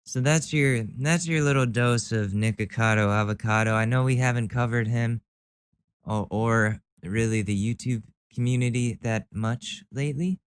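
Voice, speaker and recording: A man's voice: mid-range voice, moderate pace, clean tone. A man hosting a casual commentary show, reacting with wry disbelief. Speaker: host.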